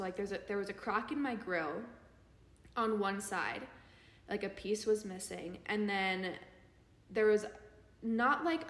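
A young woman co-hosting a podcast, telling a story in casual chat and filling her talk with "like". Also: mid-range voice. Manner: chatty, heavy use of "like" fillers. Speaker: podcast co-host. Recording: echoey room with long reverb.

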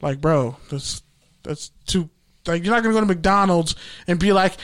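A young man tells a work story in a loose, profane, animated way, slipping into the voices of the people he quotes. His voice sits a little higher than most men's. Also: moderate pace. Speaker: podcast host. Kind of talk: casual storytelling.

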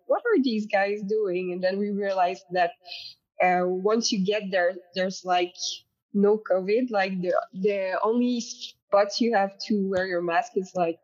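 A woman's voice: medium pitch, darkish tone. A woman, talking as a guest on a podcast. She chats loosely, leaning on fillers as she goes. The sound is a bit dull and lo-fi. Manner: chatty, many fillers like "like". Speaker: guest, volleyball player. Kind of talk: casual podcast chat.

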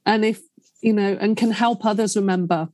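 A woman's voice: mid-range voice, steady tone, moderate pace, darkish tone, dry recording. A woman hosting a podcast, effusive and openly emotional in casual conversation with her guest. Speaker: podcast host.

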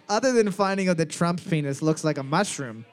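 A man hosting a casual comedy quiz, playful and quick to laugh, drawing out his questions. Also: a little high, lively intonation. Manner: playful, drawls questions slowly, laughs often. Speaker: quiz host.

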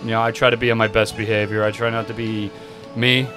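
A man's voice: on the low side, little pitch movement, quick pace, over music. A young man co-hosting a comedy podcast, telling stories in a brash, profane casual chat. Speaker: podcast co-host.

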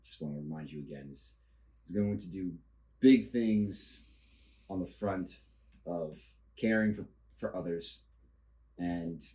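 A man co-hosting a podcast in casual chat, earnest and halting as he searches for words. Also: low voice, warm tone. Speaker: podcast co-host. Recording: echoey room.

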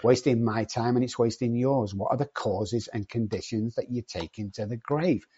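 A loud-mouthed, cocky owner of an addiction treatment company swears freely and softens nothing in a confrontational podcast chat. Not from England, he has a husky, mid-range voice at normal speed, on a slightly dull, lo-fi recording.

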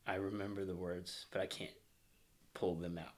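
This fairly low, flat-sounding male voice belongs to a guest in his thirties from Northwest Arkansas, with a slight local accent. Recounting grief from his childhood in a personal interview, he grows reflective and close to tears, his speech slowing and sinking to near-whispers at the emotional moments.

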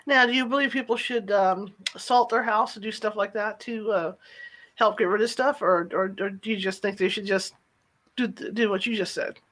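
A casual interviewer asking questions in a mid-pitched voice. The speech is loose, with fillers and repeated words. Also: steady tone, moderate pace, a bit bright.

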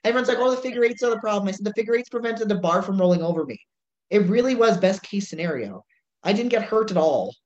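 A woman chats in a relaxed way, telling a lively story and voicing each person in it herself. Her voice rings around a roomy space. The audio is dull and lo-fi. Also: mid-range voice, fast talker. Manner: animated storyteller acting out dialogue. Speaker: strongwoman competitor. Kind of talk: casual chat.

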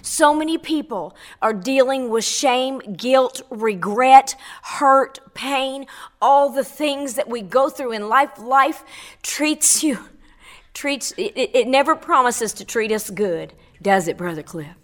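A woman's voice: high voice, lively intonation, slow pace. Fervent woman giving her testimony. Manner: fervent and preacherly, swells on key phrases, repeats words. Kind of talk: impassioned spoken testimony on radio.

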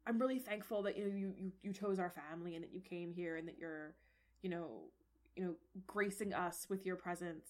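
A woman voicing a kind, humble father who hunts, speaking earnestly with lots of halting restarts. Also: on the low side, fairly even intonation, voice pushed down, close to an everyday voice. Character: kind, humble middle-aged father, a hunter.

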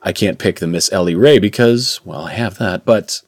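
A man's voice: deep voice, normal speed, no room sound, clean studio sound. A young man from Indiana, a voice actor, chatting casually in an interview and laughing often between phrases. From Indiana, USA. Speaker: voice actor guest.

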